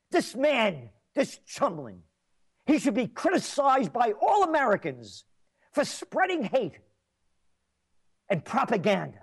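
A man hosting a talk radio show, delivering an angry, mocking rant with sarcastic jabs and bursts of shouting. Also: sits high, creaky.

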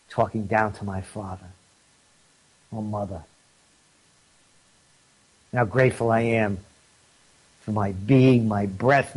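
A man's voice: lowish voice, a little mellow, slightly rough. A man hosting an opinion commentary, indignant and mocking, his voice rising when he gets riled. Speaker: host.

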